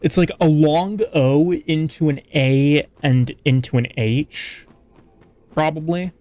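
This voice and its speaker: A man's voice: fairly high pitch, slow pace, darkish tone, no echo. A man streaming a video game, rambling casually and poking fun at himself while chatting with viewers. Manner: rambling, self-deprecating, chatty with stream chat. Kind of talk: casual gaming commentary.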